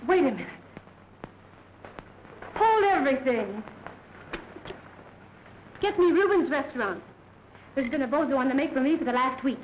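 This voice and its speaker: An actress playing a wisecracking young showgirl, brassy and quick, in 1930s film dialogue. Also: high voice, dull audio, slight background noise.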